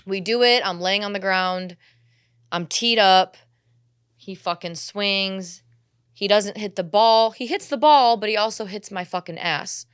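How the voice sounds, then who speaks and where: Young woman telling a wild story, animated. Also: mid-range voice, a little slow, clear, resonant tone, no room sound, clean studio sound. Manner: animated storytelling, swearing, acts out her own quotes. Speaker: podcast co-host. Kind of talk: candid casual chat.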